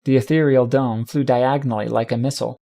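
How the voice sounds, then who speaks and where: A man reading a first-person fan fiction audiobook with steady, dramatic storytelling. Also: mid-range voice, fast, vocal fry. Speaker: audiobook narrator.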